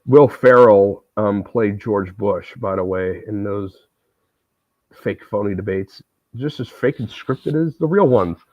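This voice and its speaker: A relaxed male streamer chats casually in a lowish voice while playing. His audio is thin and phone-like, dry with no room sound. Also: slow, no room sound. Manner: relaxed, chatty, self-deprecating. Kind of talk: casual livestream chat while gaming.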